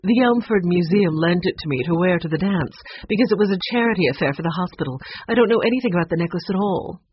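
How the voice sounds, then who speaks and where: A storybook narrator voicing a guarded woman of about fifty who speaks briskly and coldly. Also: mid-range voice, expressive, slightly rough, no room sound. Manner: brisk, clipped, cold. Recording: dull lo-fi recording.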